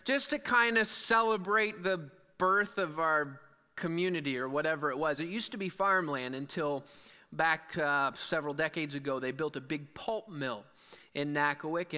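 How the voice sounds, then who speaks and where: A male pastor delivers a sermon in a church, reading scripture and then talking loosely with small restarts. His voice is bright and clean, and it carries a long reverb from the hall around him. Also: a little high, smooth. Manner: conversational preaching with fillers and restarts. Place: church sanctuary.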